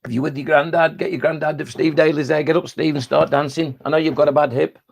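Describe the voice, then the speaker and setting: A middle-aged man hosting a live poetry session for children. His voice is gravelly, and he talks in a chatty, jokey, self-deprecating way between the poems. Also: fairly high pitch, fairly even intonation, fast. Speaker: children's poet. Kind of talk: live poetry reading with chat.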